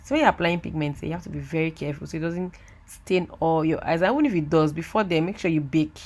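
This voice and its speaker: A woman giving a chatty, excitable voiceover for a makeup tutorial, talking straight to her viewers. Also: sits low, fast talker. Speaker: makeup artist. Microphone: voiceover mic.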